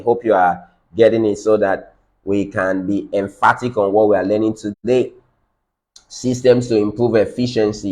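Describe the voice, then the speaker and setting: Emphatic low-voiced man teaching. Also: a little mellow. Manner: repetitive, emphatic, repeats key phrases. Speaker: business trainer. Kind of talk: live-streamed teaching session.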